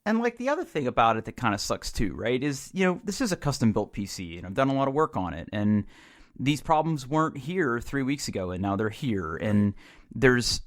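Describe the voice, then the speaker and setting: A man's voice: medium pitch, very animated, brisk. A man co-hosting a podcast in casual chat, rambling and frustrated, with many restarts. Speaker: podcast co-host.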